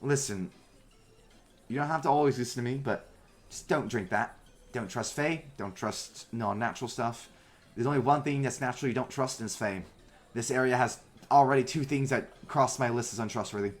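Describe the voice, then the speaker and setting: A man's voice: medium pitch, normal speed, voice pushed up, lightly acted. A man voicing a wary woman adventurer who lectures bluntly and distrusts magic.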